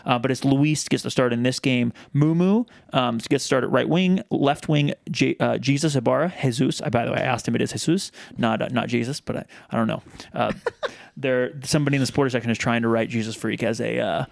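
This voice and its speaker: Gravelly-voiced man on a podcast. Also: mid-range voice, a little fast, no echo, clean studio sound. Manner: chatty, many restarts and fillers. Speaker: podcast co-host. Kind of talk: casual chat.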